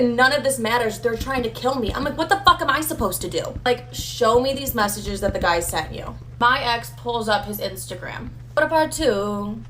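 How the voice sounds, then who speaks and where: A woman's voice: fairly high pitch, fairly bright tone, a little hiss or hum. A young woman telling a casual, chatty story full of swearing and "like".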